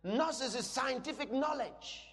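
A man preaching a sermon to a congregation, speaking emphatically and breaking into shouted declarations. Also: very high voice, measured pace. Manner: asks the congregation questions. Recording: long reverb in a large hall.

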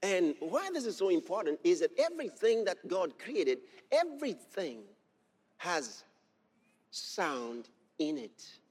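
A man delivers a sermon slowly in a high, lively, slightly rough voice that swings up and down. He repeats key phrases to drive them home, reads scripture in old-fashioned wording, and builds to shouts, all ringing with a large hall's long reverb.

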